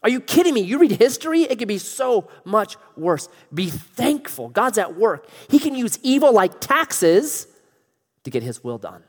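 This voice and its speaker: A middle-aged man preaching a sermon as pastor, animated and joking, acting out quotes in other voices. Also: sits high, normal speed. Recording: long reverb of a large hall.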